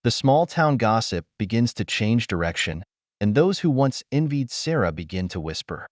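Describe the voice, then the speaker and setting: A man narrating a dramatic story in an even, unhurried way. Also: lowish voice, no echo, studio quality.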